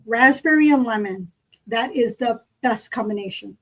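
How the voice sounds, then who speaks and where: A woman, co-hosting a podcast in casual chat and telling a story with lively quoted dialogue. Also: on the high side, normal speed, rough recording. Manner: chatty storyteller, acts out quoted people. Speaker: podcast co-host.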